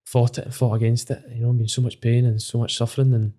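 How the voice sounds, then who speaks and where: Quick-paced and level in tone, his mid-range voice carrying a dark quality, a Scottish footballer in his thirties speaks in a podcast interview. Originally from Scotland and with an accent to match, he's open and emotional and swears frequently.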